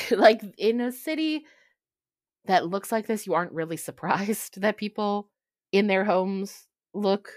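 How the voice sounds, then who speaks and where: A woman narrating as game master in a tabletop role-play, unhurried and halting, with giggly asides. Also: mid-range voice, darkish tone, no echo, clean studio sound.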